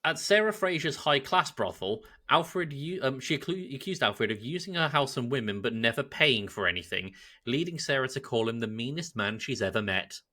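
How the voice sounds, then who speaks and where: English podcast co-host, male, bright and animated, chatty storyteller who laughs easily. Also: mid-range voice, normal speed. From England. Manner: lively, laughs often while telling a story. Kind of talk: casual storytelling chat.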